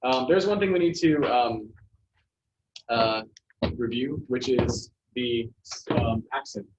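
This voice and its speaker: A male teacher talks his class through Spanish pronunciation, pausing often with ums and uhs. The recording is dull and lo-fi, with a faint hiss. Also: mid-range voice. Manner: relaxed, halting explanations with many fillers. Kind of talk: classroom lesson.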